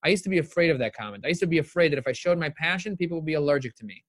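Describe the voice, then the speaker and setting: A middle-aged man giving a live-streamed motivational talk, emphatic and animated, repeating phrases for emphasis as he answers viewer questions. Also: on the high side, rapid-fire, dry recording, studio quality.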